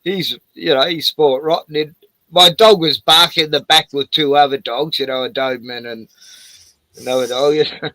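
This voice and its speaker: Host: Australian man, swearing storyteller, bright close dry voice. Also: on the high side, fairly even intonation, moderate pace, no room sound. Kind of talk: casual chat.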